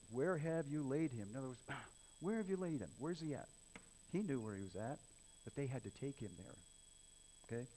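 A man's voice: mid-range voice, mellow, low-quality recording. A man preaching a sermon, reading scripture aloud and explaining it in earnest, rising to emphatic passages. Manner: earnest, builds to emphatic raised passages, some stumbles and restarts. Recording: faint mains hum.

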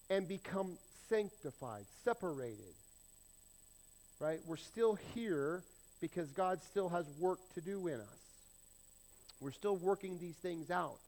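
A male pastor preaching a sermon, emphatic and swinging between loud declarations and hushed asides. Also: high-pitched, lively intonation, a little slow, poor audio.

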